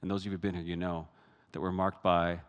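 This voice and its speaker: A man preaching a sermon, animated, swinging from hushed asides to loud, high bursts. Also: quick pace, in a large hall, dull audio. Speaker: pastor.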